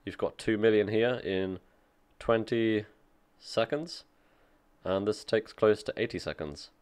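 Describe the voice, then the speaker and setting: Low-voiced man doing casual tech commentary. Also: measured pace, a little mellow, clear, resonant tone. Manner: reads aloud and comments offhandedly, dry jokes. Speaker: tech streamer reacting to an article.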